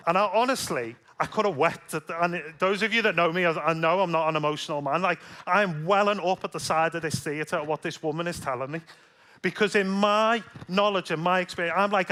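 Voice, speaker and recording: A man's voice: high voice, fairly quick, pushed and bright. A man preaching a sermon as pastor, telling stories in a chatty way with self-deprecating humor, a little stuffy from a slight cold.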